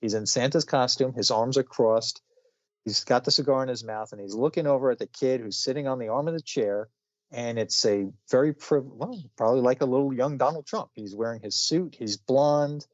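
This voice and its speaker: A man's voice: mid-range voice, normal speed, no echo. A middle-aged man hosting a podcast, chatting casually in a rambling way with restarts and chuckles. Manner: rambling, self-correcting, chuckling asides. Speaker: podcast co-host reviewing comics. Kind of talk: casual chat. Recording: dull lo-fi sound, dry.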